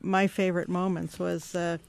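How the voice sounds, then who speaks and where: An American man recalls a moment from a rehearsal, laughing between phrases. His voice sits higher than most men's. He speaks casually, as a guest on a talk show. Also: little pitch movement, normal speed, gravelly, no room sound. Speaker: guest musician. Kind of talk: casual chat in an interview.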